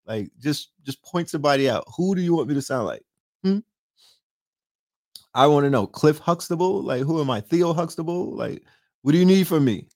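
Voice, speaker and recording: A brash, profane man hosts a late-night livestream, trash-talking and constantly tossing rhetorical questions at his viewers. His voice is a little high, creaky and somewhat mellow. The recording is studio quality, with no room sound.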